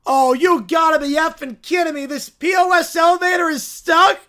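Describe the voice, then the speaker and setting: A man's voice: extremely high pitch, steady tone, normal speed, bright, forceful tone. A man voicing an angry adult hotel guest, ranting and swearing while trapped in a broken elevator. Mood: exasperated. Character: furious grown man stuck in a hotel elevator.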